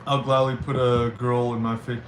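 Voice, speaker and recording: A man's voice: medium pitch, little pitch movement. Rambling streamer man in roomy echo. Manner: rambling, reads chat aloud, halting restarts. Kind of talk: casual live-stream chat. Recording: roomy with faint noise.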